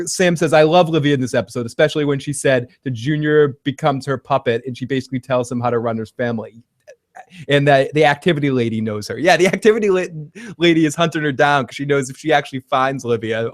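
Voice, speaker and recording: A man co-hosting a casual TV recap chat, animated, laughing often and acting out quotes. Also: medium pitch. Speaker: podcast co-host.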